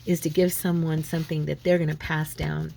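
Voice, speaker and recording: Woman with a cold, chatty crafting talk, low gravelly voice, faint background noise. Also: level tone, brisk, mellow. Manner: chatty, rambling, self-deprecating. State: lingering head cold, sneezing and coughing. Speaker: craft channel host. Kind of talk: casual crafting chat.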